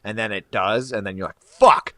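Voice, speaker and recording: A man's voice: fairly low pitch, steady tone, fast, bright, forceful tone, a little hiss or hum. A man co-hosting a podcast, chatting in a self-mocking way with lots of "you know". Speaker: podcast co-host. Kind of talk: casual podcast chat.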